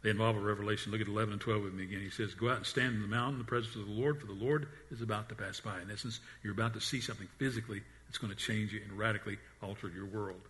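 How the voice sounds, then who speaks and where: A man preaching a sermon in an earnest voice, often repeating and restarting words, and dropping to a hush on the quiet lines. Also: lowish voice, steady tone, rapid-fire, few pauses. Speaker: pastor.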